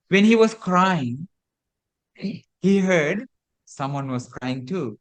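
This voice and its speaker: A man, a Buddhist monk, telling a teaching story in a sermon, slow and repetitive with hesitant restarts. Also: sits high, expressive.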